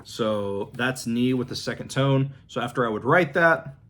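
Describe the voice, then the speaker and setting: A man in a casual vlog, relaxed and rambling, thinking aloud with fillers and restarts while he shows his flashcards. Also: mid-range voice, unhurried. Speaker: language-learning vlogger. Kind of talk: casual demonstration talk.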